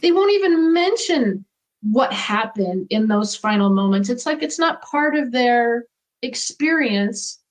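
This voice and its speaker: A middle-aged woman speaks as an interview guest, earnest and reflective. Her voice sits a little higher than most women's. She talks in a conversational way about her own experiences. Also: expressive, unhurried, poor audio.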